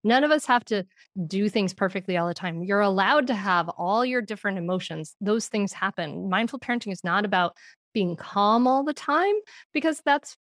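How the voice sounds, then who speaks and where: A woman's voice: mid-range voice, normal speed, dry recording, clean studio sound. A middle-aged woman, a podcast guest, telling parenting stories in casual talk, laughing often and acting out what she said. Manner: animated, laughs often, acts out quotes.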